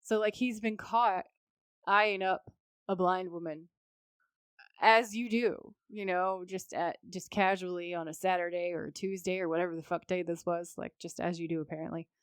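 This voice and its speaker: A woman's voice: lowish voice, moderate pace, a bit bright, clean tone, dry recording, studio quality. A woman co-hosting a podcast, recapping a TV episode in a candid, chatty way with casual swearing. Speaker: podcast co-host.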